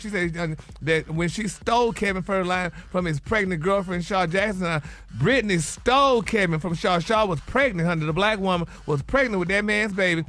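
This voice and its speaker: A man's voice: sits high, brisk, few pauses, bright, forceful tone. A man dishing celebrity gossip on a morning radio show, sassy and calling everyone honey and baby. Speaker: radio co-host, gossip segment.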